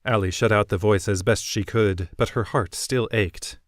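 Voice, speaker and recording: A man narrating a fantasy novel in an even, measured way. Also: on the low side, no echo, clean studio sound. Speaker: audiobook narrator.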